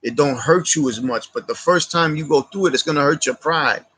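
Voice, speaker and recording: A man tells a long personal story to his viewers, looping back over details and dropping slang as he goes. His voice sits a bit high for a man and sounds bright and forward. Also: fairly quick, breathy edge. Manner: street slang, repetitive and heartfelt. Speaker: channel host. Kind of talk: casual livestream storytelling.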